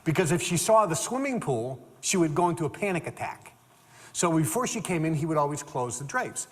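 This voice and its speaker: An older man giving an animated storytelling talk as a motivational speaker, repeating words and acting out the people in his stories. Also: a little high, brisk. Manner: animated, repeats words, acts out quoted dialogue. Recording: long reverb of a hall.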